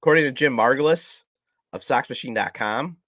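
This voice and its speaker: A man's voice: mid-range voice, brisk, fairly bright tone, no room sound, clean studio sound. A man hosting a casual sports podcast, chatty and self-deprecating, his voice nasal from a cold. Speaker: podcast host.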